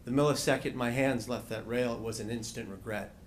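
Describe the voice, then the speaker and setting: A man giving a speech as a panel speaker, telling a personal story with dramatic, slowed phrasing and touches of wry humor. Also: mid-range voice, steady tone, slight background noise.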